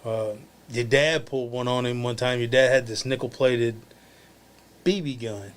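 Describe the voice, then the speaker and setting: This podcast guest, an ex-wrestler, has a mid-range voice and a normal pace. His backstage tales are profane and full of swearing, told crudely and with animation, and he laughs along at them himself.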